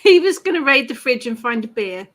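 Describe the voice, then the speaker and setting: A woman with a high voice chats her way through viewers' comments, laughing often. Her talk is casual and friendly. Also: very animated, a little fast, a bit bright. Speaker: ritual host. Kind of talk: casual chat reading out comments.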